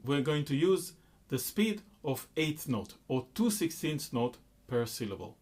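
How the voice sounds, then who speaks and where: A man's voice: medium pitch, very animated, moderate pace, slight background noise. A man patiently explaining a rhythm exercise, counting beats and chanting syllables between explanations. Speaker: music teacher. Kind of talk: rhythm lesson with sung syllables.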